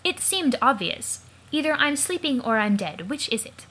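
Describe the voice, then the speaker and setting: A woman's voice: high voice, big pitch swings, normal speed, pushed and bright, full character voice. A woman voicing a cheerful, curious teenage girl, for a let's play of a comic.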